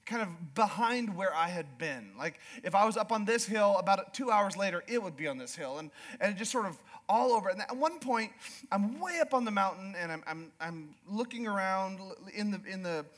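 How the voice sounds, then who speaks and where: A middle-aged man from Alaska, a pastor preaching a sermon through an animated personal story, sometimes mimicking slow drawling voices. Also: sits high.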